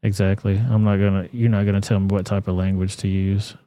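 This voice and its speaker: A man's voice: lowish voice, little pitch movement, fairly quick, mellow, no room sound. A man hosting a casual livestream, reacting to videos and reading chat with crude, blunt, profane talk. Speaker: livestream host.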